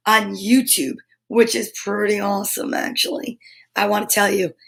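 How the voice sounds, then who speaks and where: A woman hosting a live children's show, bubbly and excitable, with playful asides and quick drops to a whisper. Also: medium pitch, gravelly. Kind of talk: live-streamed kids' show chat.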